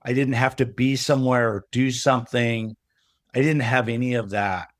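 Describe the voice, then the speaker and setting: A middle-aged man tells a story in a casual interview, bringing the other people in it to life with their own lines. His voice sits at an ordinary middle pitch. The sound is dry and close. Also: normal speed, no room sound. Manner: animated storyteller who acts out remembered dialogue. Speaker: podcast guest, business coach.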